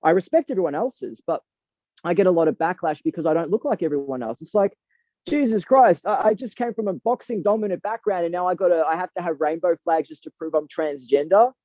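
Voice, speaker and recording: A man talks earnestly and reflectively in an interview, leaning into his points with emphasis. His voice sits fairly high but sounds warm and mellow. The recording is dry and dull, with a lo-fi edge. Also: quick pace, dry recording. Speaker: boxing coach and guest.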